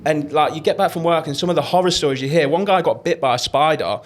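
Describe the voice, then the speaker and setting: A man's voice: a little high, fast. A young man, rambling through travel stories in casual podcast chat and swearing freely. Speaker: podcast co-host.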